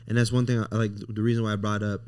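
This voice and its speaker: A young man hosting a casual podcast, telling excited stories full of slang and "bro". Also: on the low side, racing, smooth. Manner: excitable storyteller, slangy, says bro a lot. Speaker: podcast host.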